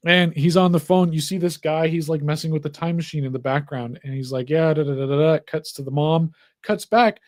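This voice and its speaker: Young male co-host, slightly higher voice, acts out every quote. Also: fairly quick, no echo, studio quality. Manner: animated storyteller acting out quotes. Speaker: podcast co-host. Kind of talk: casual chat.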